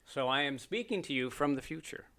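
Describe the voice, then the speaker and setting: In a casual podcast chat, a middle-aged Canadian guest tells stories, joking, laughing often and mimicking voices. He talks briskly and expressively, with a medium-pitched, fairly bright voice.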